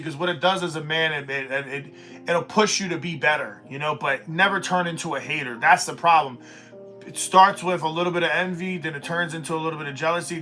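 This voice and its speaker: A man's voice: a little high, sharp tone. A man hosting a live stream, ranting bluntly and profanely in a rambling, casual way.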